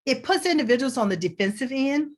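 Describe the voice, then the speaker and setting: A woman's voice: high-pitched, lively intonation, quick pace. Woman guest explaining step by step. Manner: explains step by step, acts out example questions. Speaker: guest, career coach. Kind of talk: conversational teaching.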